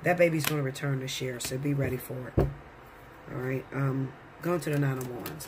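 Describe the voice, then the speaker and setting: A man's voice: medium pitch, fairly even intonation, moderate pace, very noisy. A man giving a casual tarot reading to his viewers, blunt and profane, lecturing them. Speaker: tarot reader.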